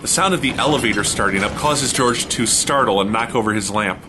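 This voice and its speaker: A man hosting a comedy review show, giving a snarky, deadpan recap narration. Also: medium pitch, brisk, noisy background.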